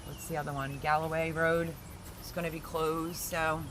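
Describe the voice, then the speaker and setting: A man with a high voice chats loosely through a livestream, wandering from topic to topic and answering his viewers as he goes. He talks into a phone camera out in his backyard garden, with plenty of outdoor noise around him. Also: little pitch movement, normal speed. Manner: rambling, chatty, answers viewer comments. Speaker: livestream host, home gardener. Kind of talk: casual livestream chat. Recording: noisy outdoor ambience.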